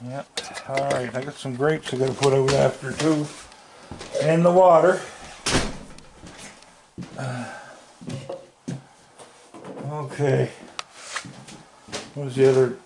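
Slow gravelly man talking to raccoons. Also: mid-range voice, fairly even intonation, background noise. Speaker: raccoon feeder filming his yard. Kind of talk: casual talk to animals. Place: outdoors at a house deck.

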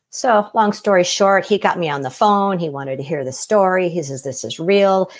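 Husky-voiced woman telling a lively story. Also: low-pitched. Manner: animated storyteller acting out quoted voices. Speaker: guest telling her near-death experience. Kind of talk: casual storytelling.

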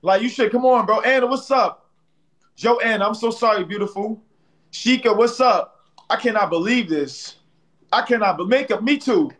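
A man's voice: high-pitched, moderate pace, fairly bright tone. A man hosting a live stream in casual banter, playfully trash-talking and teasing his viewers and a rival, slangy and repetitive, tagging lines with "bro.". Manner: slangy, repeats phrases, tags lines with "bro". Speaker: livestream host.

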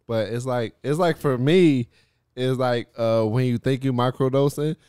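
A man hosting a podcast, telling animated stories in casual chat, swearing and laughing often. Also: medium pitch, normal speed, clean tone, no echo, clean studio sound. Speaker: podcast host.

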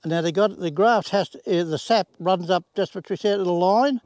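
Out in his garden, an Australian man in his eighties gives a casual demonstration of the plot, talking in a homespun, plain way sprinkled with country sayings. His voice sits high, moves fairly quickly, and has a darkish tone with no room sound.

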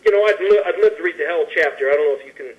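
A man on a talk show guesting to read scripture verses slowly and explain them with loose, pausing commentary. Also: on the high side, lo-fi sound. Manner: reads verses slowly and deliberately, then ad-libs commentary with pauses and fillers.

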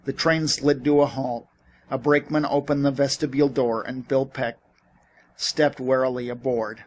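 A man narrating a novel as an audiobook reader. His delivery is steady and even, at an ordinary middle pitch. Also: moderate pace, breathy edge. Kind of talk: scripted narration.

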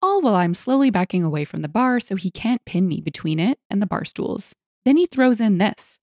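A woman narrating internet stories aloud, with lively, expressive storytelling. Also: on the low side, moderate pace, hardly any pauses, no echo, clean studio sound.

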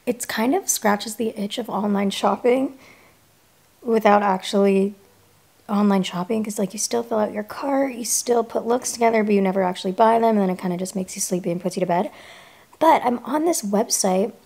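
A woman's voice: medium pitch, normal speed, vocal fry, darkish tone, reverberant. A young woman in her twenties vlogging in casual, frank chat to camera, with lots of "like". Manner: chatty, frank, says "like" often.

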